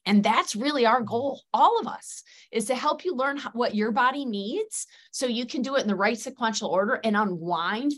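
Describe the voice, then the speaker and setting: Earnest woman talking in long flowing runs. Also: on the high side. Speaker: guest practitioner. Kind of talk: conversational interview.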